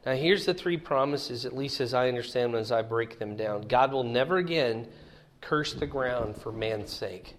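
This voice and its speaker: Casting note: middle-aged man, plain mid-pitched voice, folksy Bible teacher who keeps asking the class questions, faint hiss in the background. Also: moderate pace. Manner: folksy, asks the listeners questions. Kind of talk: conversational Bible lesson.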